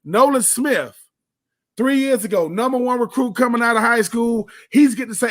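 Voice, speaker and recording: High-voiced man in sports radio talk. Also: normal speed, fairly bright tone. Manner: emphatic and folksy, preaching in repeated phrases with frequent restarts.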